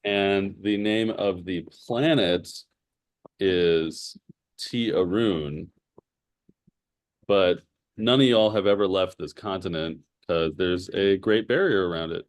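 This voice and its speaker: Man, game master, low voice, dry close sound, patient lore explaining. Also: slow, no echo.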